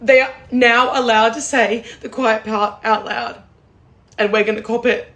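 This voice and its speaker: A woman's voice: fairly high pitch, steady tone, unhurried, a bit bright. A woman from Australia with an Australian accent, speaking earnestly and indignantly to camera. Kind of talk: angry monologue to camera.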